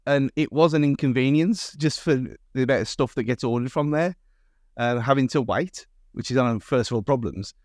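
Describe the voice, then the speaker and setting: A man's voice: medium pitch, normal speed, darkish tone, no room sound, studio quality. A man from England co-hosting a podcast, talking in a rambling way with frequent restarts, in casual chat. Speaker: podcast co-host.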